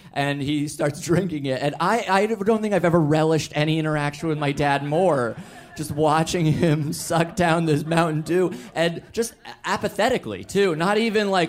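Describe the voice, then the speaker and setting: A male storyteller telling a personal story in a wry, self-deprecating way, halting and restarting as he goes. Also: fairly high pitch.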